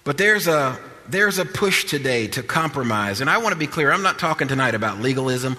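Man, preacher, earnest sermon storytelling, emphatic, tense bright tone, long echoing hall. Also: medium pitch, lively intonation, fairly quick. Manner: earnest, repetitive, builds to emphatic exhortation.

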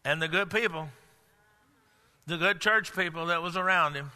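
An older man preaching a sermon, swinging between loud outbursts and low hushed lines. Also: moderate pace. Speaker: pastor. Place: large church hall. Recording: long hall reverb.

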